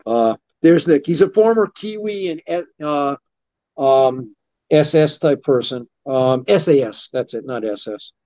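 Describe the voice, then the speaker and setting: A middle-aged man with a slightly raised pitch, spinning loose, animated stories as a guest instructor and slipping into the voices of the people in them. The sound is dull and lo-fi, close and dry with no room around it. His talk wanders from one tale to the next. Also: measured pace, dry recording. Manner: rambling, animated anecdotes with acted-out quotes. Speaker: martial arts instructor guest. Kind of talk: casual storytelling interview.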